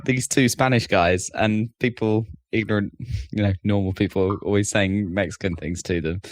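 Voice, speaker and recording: A man's voice: fairly low pitch, steady tone, moderate pace, no echo. A British man co-hosting a podcast, explaining things in an easygoing way with chuckles. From Britain. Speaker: podcast co-host. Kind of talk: casual chat.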